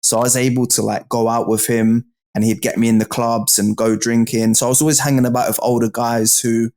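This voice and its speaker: A man's voice: medium pitch, flat delivery, a little fast, a little mellow. A British man with a mid-range voice talks casually as an interview guest. His speech is loose and full of street slang. He keeps checking in with the listener. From United Kingdom. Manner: slang-heavy, repeats "do you know what I mean".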